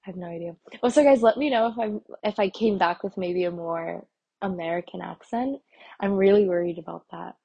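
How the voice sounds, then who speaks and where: A young woman chatting on her own podcast with a low, husky voice and a gravelly edge. She rambles loosely, full of fillers and restarts. Her voice comes through an earbud mic as she walks around. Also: a little fast, dull audio. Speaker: podcast host. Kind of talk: casual solo podcast chat. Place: walking indoors. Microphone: earbud microphone.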